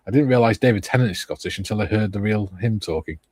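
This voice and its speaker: A man's voice: on the low side, fast, a little mellow, breathy edge, no echo. A man hosting a live chat stream, easygoing and casually reading out viewers' comments. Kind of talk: casual chat while painting models.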